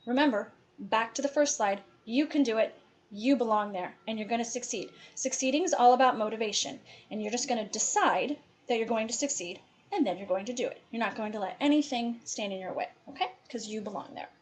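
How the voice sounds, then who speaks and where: A woman's voice: on the high side, fairly quick. A woman from Appalachia with an Appalachian accent, giving chatty, encouraging advice to students in a presentation. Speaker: college advisor.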